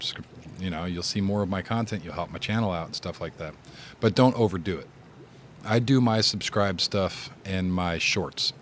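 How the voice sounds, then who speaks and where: A man's voice: deep voice, slight background noise. A man who streams games, giving casual advice in a rambling, laid-back way and often repeating his words. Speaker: gaming streamer.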